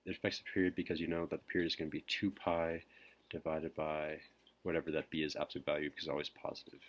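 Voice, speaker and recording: A man teacher whispering a recorded math lesson, hesitant with frequent pauses. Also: very deep voice, flat delivery. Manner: whispering softly; hesitant, many ums.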